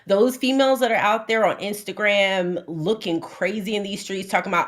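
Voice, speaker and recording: A woman's voice: mid-range voice, animated, moderate pace. Blunt opinionated woman relationship coach. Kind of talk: podcast interview guest.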